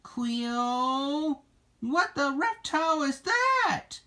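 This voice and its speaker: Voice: mid-range voice, steady tone, slow, fairly bright tone. A reader voicing a startled, flustered farmer father in a storybook reading, with a sputtering delivery.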